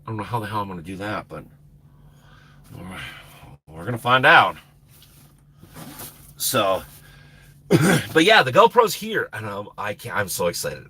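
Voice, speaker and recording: A man hosting a live stream chats in a loose, rambling way, laughing and losing his train of thought. His voice is bright and slightly husky, and it swoops up and down in pitch. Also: big pitch swings, measured pace, long pauses. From Minnesota. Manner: rambling, laughs often, trails off. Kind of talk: casual live stream chat.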